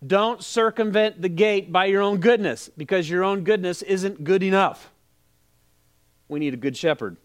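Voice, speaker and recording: Male pastor, high voice, lively sermon storyteller, middle-aged. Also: moderate pace, clean tone. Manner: animated storytelling with quoted dialogue.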